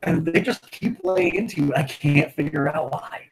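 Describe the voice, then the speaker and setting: A man chats casually as game master about his tabletop campaign, laughing often. His voice is gravelly and slightly higher than most men's, with lively swings in pitch. There is clear noise in the background. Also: poor audio. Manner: laughing often, acting out players in quick quoted voices, swears freely.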